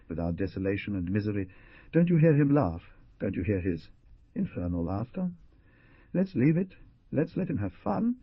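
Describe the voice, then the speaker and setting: A man's voice: on the low side, breathy edge, no room sound, exaggerated voice. A man voicing a tortured young male prisoner who rants with feverish sarcasm, in a storybook reading. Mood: bitter ranting. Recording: dull lo-fi dry recording.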